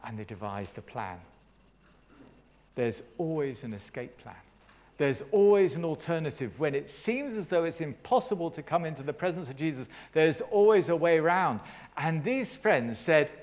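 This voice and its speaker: A man's voice: a little high, very animated, normal speed. A man preaching a sermon, retelling a story with dramatic flair and friendly asides to the congregation.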